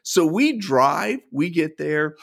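A middle-aged man telling a story in casual chat, acting out the people he quotes with big jumps in pitch. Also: slow pace, creaky. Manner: animated, acts out quotes with lively pitch jumps. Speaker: guest storyteller.

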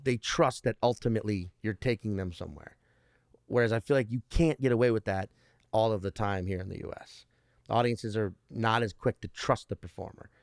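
Comedian guy rambling and swearing, restarts a lot, mid pitch, dry close mic. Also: darkish tone, no echo. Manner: rambling, profane, many restarts. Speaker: stand-up comedian guest. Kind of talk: casual podcast chat.

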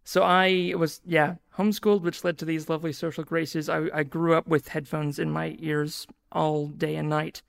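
A man's voice: a little high, level tone, normal speed, gravelly, hardly any pauses. A man with a Pacific Northwest American accent, chatting as a podcast guest in a wry, self-deprecating way. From grew up rural near Seattle and in New Zealand. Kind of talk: casual podcast chat.

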